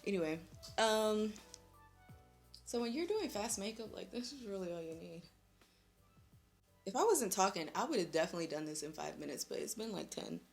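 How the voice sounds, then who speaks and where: A woman's voice: medium pitch, big pitch swings, moderate pace, gravelly, long pauses, soft background music. Chatty young woman vlogging her makeup. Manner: chatty and slangy, laughing often. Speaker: beauty vlogger. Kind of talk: casual vlog chat while doing makeup.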